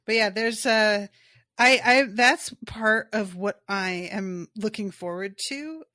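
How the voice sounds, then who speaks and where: A woman's voice: medium pitch, sharp tone, no echo, clean studio sound. A woman co-hosting a book podcast, chatting casually and laughing at herself. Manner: chatty, self-deprecating, quick laughs. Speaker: podcast co-host.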